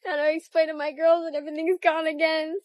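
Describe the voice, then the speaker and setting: A woman's voice: high-pitched, little pitch movement, quick pace, darkish tone, dry recording. A sick woman living in an RV, talking upset with her voice breaking into tears and coughing. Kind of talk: street interview.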